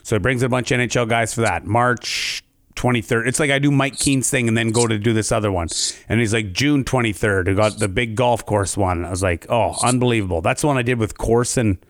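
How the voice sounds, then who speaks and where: A comedian from Canada telling a story in casual chat, jumping into high voices to act out other people. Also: male voice, a little fast, no echo.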